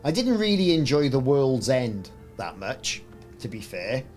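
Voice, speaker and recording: A man's voice: medium pitch, very animated, unhurried, darkish tone, soft background music. A man with a Welsh accent hosting a casual gaming livestream, chatting and joking with mock sports commentary asides. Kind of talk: casual live-stream chat.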